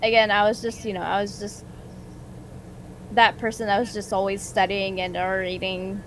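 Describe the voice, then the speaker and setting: A woman's voice: mid-range voice, flat delivery, normal speed, a little hiss or hum. A woman guest on a podcast in casual chat, easily amused and often exclaiming.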